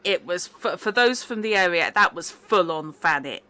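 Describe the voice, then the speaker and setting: A woman from England runs a tabletop horror game, chatty and explanatory as she narrates. Her voice sits a little low but rings bright and crisp. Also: expressive, normal speed. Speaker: game master.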